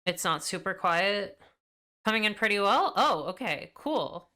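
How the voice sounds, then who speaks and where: A woman's voice: medium pitch, lively intonation, a little slow, sharp tone. A young woman streaming a game, chatting casually and fussing over her audio settings during a mic check.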